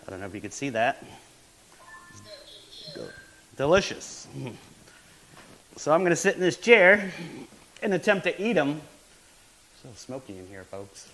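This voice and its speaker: A man's voice: a little high, big pitch swings, a little slow, long pauses, a bit bright, a little hiss or hum, poor audio. A man hosting a casual home cooking stream from his apartment kitchen, chatty and laid-back, laughing often. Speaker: host of a home cooking show.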